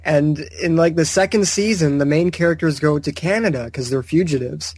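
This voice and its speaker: A man's voice: fairly high pitch, normal speed, darkish tone, no echo. A man co-hosting a gaming podcast, laid-back and laughing as he tells stories. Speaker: podcast co-host. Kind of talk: casual podcast chat and anecdote.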